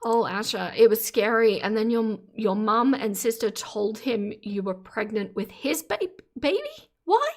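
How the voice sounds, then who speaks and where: A woman's voice: medium pitch, fairly even intonation, measured pace, hardly any pauses. A woman live streaming from her phone, commenting casually and exclaiming in sympathy as she reads her chat aloud. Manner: earnest, exclaims in sympathy while reading chat. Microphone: phone camera.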